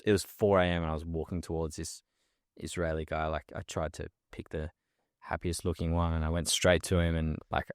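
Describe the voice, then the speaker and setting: A man's voice: rumbling low, flat delivery, fairly quick, clean tone, no echo, clean studio sound. A young Australian man, a guest in a casual interview, telling stories animatedly with lots of fillers and laughs.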